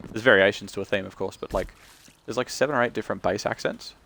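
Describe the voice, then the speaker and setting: A man's voice: on the low side, quick pace, gravelly, fairly bright tone. A man chatting casually on his game stream, sweary and talkative. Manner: chatty, sweary, talks about accents.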